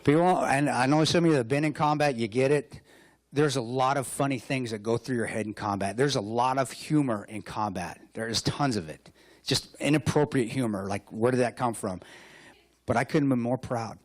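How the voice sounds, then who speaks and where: A man's voice: medium pitch, moderate pace, no room sound. A man delivers a motivational talk at a luncheon in a mid-range voice, mixing war stories with self-mocking jokes. He hammers points home with punchy, repeated phrases. The sound is close and dry with little room. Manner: joking, self-mocking storyteller. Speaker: keynote speaker. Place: hotel luncheon hall.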